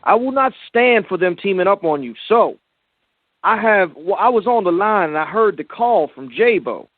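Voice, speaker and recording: High-pitched man, brash slangy caller, dry close sound, tinny phone line. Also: expressive, normal speed, dry recording. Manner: brash, slangy, boastful tough talk.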